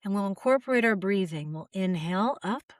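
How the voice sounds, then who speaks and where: A woman voice coach calmly guiding listeners through relaxation exercises, modeling sighs and open "ah" sounds. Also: medium pitch, brisk, dry recording, clean studio sound. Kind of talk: guided vocal exercise instruction.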